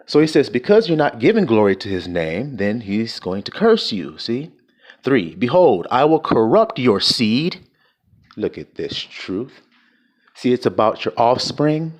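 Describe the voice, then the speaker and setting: A man's voice: medium pitch, big pitch swings, measured pace. A man preaching an informal sermon, blunt and profane, firing rhetorical questions at his listeners.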